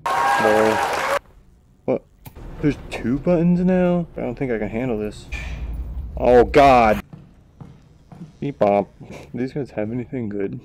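A tired man giving goofy gameplay commentary into a VR headset, with excitable outbursts between quiet mutters. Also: medium pitch, slow pace, pauses often, some chatter behind, slight background noise. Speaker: gamer.

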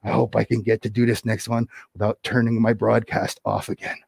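A man's voice: lowish voice, little pitch movement, brisk, gravelly, noisy background. A man running a livestreamed puppet show, chatty and playful with sing-song asides, telling a nursery rhyme into a camera. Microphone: camera on a desk.

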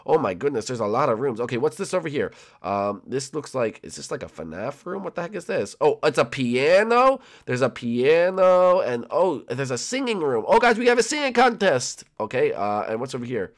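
A young man commenting on a building game, rambling and excitable with many fillers. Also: medium pitch, normal speed, hardly any pauses. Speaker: gaming channel host. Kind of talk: gameplay commentary with role-play.

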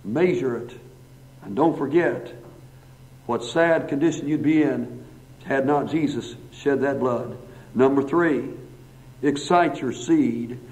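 A man's voice: mid-range voice, takes it slowly, long pauses, darkish tone. A man preaching a sermon in a church hall, then praying, with emphatic rising phrases and long repeated lists. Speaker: pastor. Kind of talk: sermon and prayer. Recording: dull lo-fi church recording.

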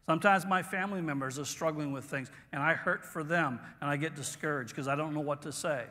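A man preaching a sermon as pastor, earnest, pausing and restarting as he talks. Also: fairly high pitch, sharp tone, in a large hall. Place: church sanctuary.

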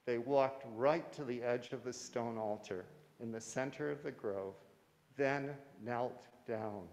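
A man reading a children's story aloud at a church service, gentle and measured. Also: mid-range voice, vocal fry, big-room sound. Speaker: story reader. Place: church sanctuary.

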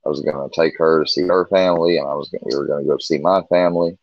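Deep-voiced man telling a candid story. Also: steady tone, very fast, no echo. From Missouri. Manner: candid, rambling, with many restarts and quoted dialogue. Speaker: guest telling a personal story. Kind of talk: casual storytelling on a livestream. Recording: dull lo-fi stream audio.

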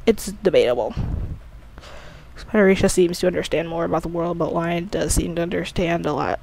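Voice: medium pitch, moderate pace, vocal fry, darkish tone, a little hiss or hum. The creator of an audio drama series, rambling through a casual commentary with an offhand, slightly sleepy manner and many self-corrections. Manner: rambling, often restarts and corrects itself.

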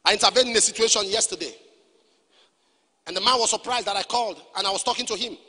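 High, lively preacher in a hall. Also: male voice, fast talker, husky. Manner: preaching with acted quotes and rising shouts. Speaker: pastor. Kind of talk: sermon. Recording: long hall reverb.

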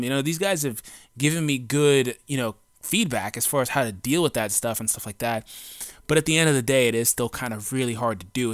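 A man's voice: mid-range voice, a bit bright, clear, resonant tone, no room sound. A grown man, a gaming YouTuber, ranting in casual, slangy talk full of profanity and fillers, blunt and defiant. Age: adult. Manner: loose rambling talk with many fillers. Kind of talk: casual unscripted rant to camera. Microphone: home recording mic.

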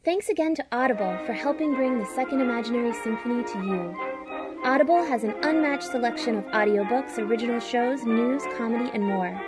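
Woman, sponsor read, higher voice, loud music underneath. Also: fairly quick. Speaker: ad reader.

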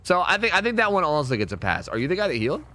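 A man's voice: fairly high pitch, rapid-fire. A young man with a joking manner, giving casual commentary over his own gameplay as a streamer. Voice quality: animated, joking, talks to players on screen. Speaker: gaming streamer.

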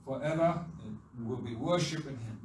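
A man's voice: medium pitch, moderate pace. Man preaching in an echoey church. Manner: emphatic preaching, repeating phrases with rising force. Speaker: pastor. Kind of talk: sermon. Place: church service. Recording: echoey church hall from far off with room noise.

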